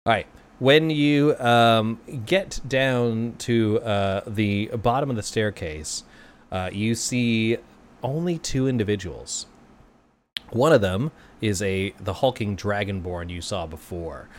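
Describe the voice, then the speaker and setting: A man's voice: on the low side, slow pace, a little hiss or hum. A man narrating as game master in a tabletop role-playing session, casual and laughing easily. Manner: casual, with fillers and frequent laughs.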